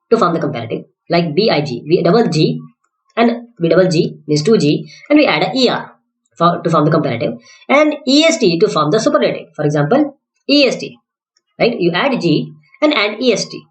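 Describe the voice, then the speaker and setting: Sing-song woman teaching grammar, roomy echo. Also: medium pitch. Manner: drills word lists in a sing-song rise and fall; self-correcting, thinks aloud. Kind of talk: explanatory grammar lesson. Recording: echoey room.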